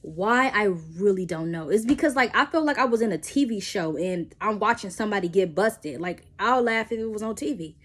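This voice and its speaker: Young woman telling a lively storytime. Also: brisk, few pauses. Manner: animated, acts out quotes with pitch jumps. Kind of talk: casual storytime.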